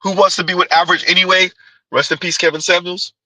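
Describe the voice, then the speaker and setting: A man's voice: sits high, little pitch movement, quick pace, bright, forceful tone, no room sound, rough recording. A man hosting a commentary show, reacting to clips with sardonic, teasing asides.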